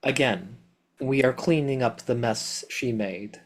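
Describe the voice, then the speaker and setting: A man's voice: medium pitch, measured pace. A man playing his character in a tabletop game, speaking with formal, courtly politeness. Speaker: player. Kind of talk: in-character diplomatic speech.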